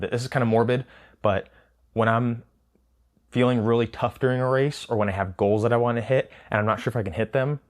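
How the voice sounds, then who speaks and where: Guy rambling about his race, lots of restarts and little laughs, middle pitched voice, casual vlog talk. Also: steady tone, fairly quick. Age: adult with children. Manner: rambling, self-correcting, laughs often. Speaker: trail runner recapping a race. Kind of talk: casual spoken race recap.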